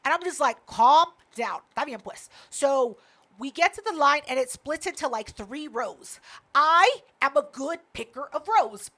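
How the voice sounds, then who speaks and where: Animated, swearing woman telling a story. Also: high-pitched, unhurried. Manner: animated, swears a lot, acts out quotes. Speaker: podcast co-host. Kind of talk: casual storytelling chat.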